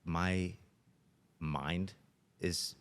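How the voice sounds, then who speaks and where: As a guest on a podcast interview, a middle-aged police officer recounts stories plainly and earnestly. His deep voice holds a steady tone and moves extremely slowly, with a fairly bright, clean sound.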